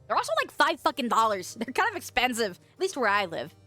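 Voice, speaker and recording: Chatty, lively-voiced young woman streamer. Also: fairly high pitch, fast talker, soft background music. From western United States. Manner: chatty, swears freely, laughs often. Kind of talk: casual chat reading viewer comments.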